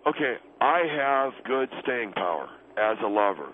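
A man's voice: medium pitch, big pitch swings, a little slow, pitched below the performer's own voice. A man voicing a brash, crude, boastful guest who talks about himself as a love coach, stammering and defensive, over a phone line. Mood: taunting. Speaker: guest on a call-in show. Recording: muffled phone line with faint hiss.

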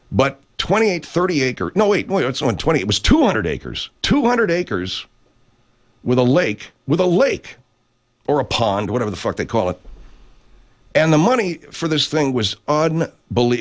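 Animated, swearing middle-aged man. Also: mid-range voice, normal speed. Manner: rambling, profane, animated. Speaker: livestream host reading chat. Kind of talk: casual chat.

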